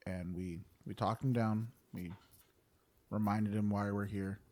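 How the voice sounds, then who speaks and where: A man playing his character at a tabletop game, earnest and plainspoken with halting pauses. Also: on the low side, steady tone, a little mellow. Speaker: player.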